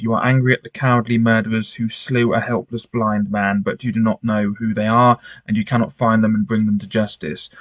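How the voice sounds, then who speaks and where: A man's voice: mid-range voice, no echo. A man reading a gamebook aloud with commentary, often stumbling and restarting his sentences. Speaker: gamebook player.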